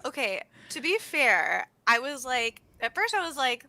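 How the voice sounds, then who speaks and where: A woman's voice: high-pitched, very animated, moderate pace, pushed and bright, no room sound, rough recording. A young American woman co-hosting a casual livestream, bubbly, laughing often and exclaiming as she chats. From United States. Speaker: co-host.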